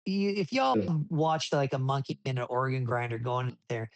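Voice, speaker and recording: A man telling racing stories in a casual interview, rambling with many restarts and getting animated as he recounts events. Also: mid-range voice, moderate pace, vocal fry, dry recording. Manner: rambling with frequent restarts, animated when retelling. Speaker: desert racing driver, podcast guest.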